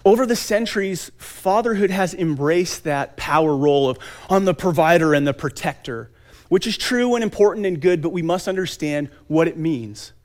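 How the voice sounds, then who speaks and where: A man in his thirties giving an earnest motivational talk at a conference, with dramatic pauses and emphatic lists. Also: fairly high pitch, lively intonation, a little mellow.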